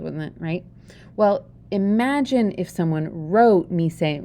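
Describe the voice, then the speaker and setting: A woman's voice: lowish voice, lively intonation, a little slow, creaky, mellow. A woman with a Pennsylvania Dutch accent giving a chatty, joking lesson and often asking the listener questions. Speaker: teacher. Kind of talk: informal video lesson.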